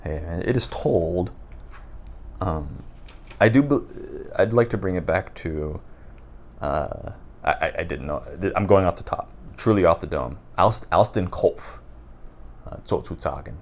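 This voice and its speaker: A man talking off the top of his head in an unedited video, rambling and halting with many restarts. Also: low-pitched, animated. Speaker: book vlogger. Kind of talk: unscripted casual talk to camera. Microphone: raw unedited recording.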